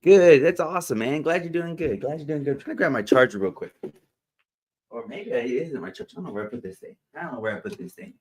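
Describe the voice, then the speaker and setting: A man's voice: medium pitch, expressive, quick pace, slightly rough. A man hosting a motivational livestream, casually chatting, greeting viewers by name and laughing often. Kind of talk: casual live-stream chat greeting viewers.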